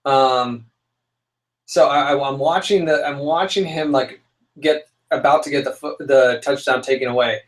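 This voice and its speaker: A young man co-hosting a casual chat show, telling a story with lively, dramatic outbursts. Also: mid-range voice, a little slow, low-quality recording. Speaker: podcast co-host.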